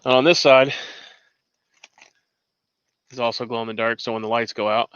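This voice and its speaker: Bright, crisp man on lo-fi audio. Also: medium pitch, steady tone, moderate pace. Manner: rambling, restarts often, shows gear. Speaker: host. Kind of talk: casual livestream chat.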